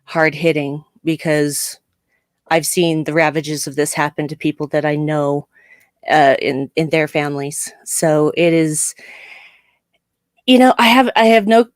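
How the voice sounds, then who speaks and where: Woman, co-host, low-pitched, animated, laughs a lot, dry home-mic sound. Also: a little slow, no room sound. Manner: chatty, animated, laughs often. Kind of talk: casual live-stream chat.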